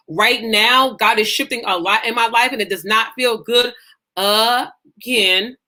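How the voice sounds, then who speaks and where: Slightly high, pushed and bright, her voice carries a faith-based life coach's passionate lesson to her group. She preaches with emphasis and dramatizes self-talk in quotes.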